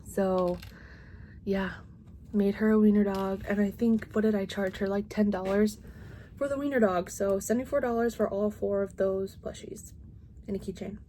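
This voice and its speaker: A woman's voice: medium pitch, darkish tone. A woman in her thirties, a crochet vlogger, chatting casually at home and rambling with lots of "like" and restarts.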